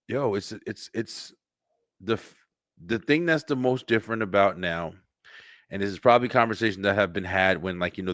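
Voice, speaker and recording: A man hosting a webshow, talking in a rambling, profane, animated livestream monologue with lots of fillers and repeats. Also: low voice, dry recording, studio quality. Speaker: webshow host.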